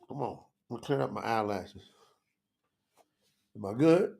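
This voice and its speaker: A man's voice: on the low side, lively intonation, normal speed, vocal fry, darkish tone. A man teaching scripture on a live stream, emotional and teary, sweating, calling out to his viewers in the chat. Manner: emotional, preachy, talks to chat.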